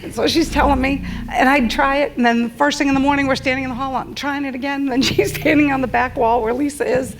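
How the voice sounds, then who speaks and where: A woman's voice: sits high, fast, hardly any pauses, slight background noise, low-quality recording. Chatty woman emceeing an event. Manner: chatty, laughing, lively anecdotal. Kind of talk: casual storytelling at an event.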